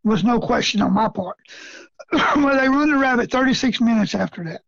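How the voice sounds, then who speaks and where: Gravelly folksy man telling a story. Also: extremely high pitch, lively intonation, moderate pace, a bit bright. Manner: folksy storyteller, chuckles often, rural grammar. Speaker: rabbit hunting guest. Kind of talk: casual storytelling interview. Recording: dull lo-fi sound.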